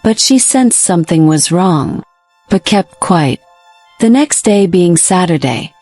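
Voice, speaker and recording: A woman narrating a folktale with a steady, plain reading. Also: medium pitch, dry recording. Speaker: storyteller. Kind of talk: storybook narration.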